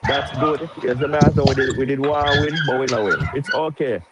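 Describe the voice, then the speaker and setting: A man's voice: medium pitch, fairly even intonation, brisk, heavy background noise. A man with a Jamaican accent calling into a livestream, insistently scolding and repeating "bro". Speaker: caller. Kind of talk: phoned-in livestream rant.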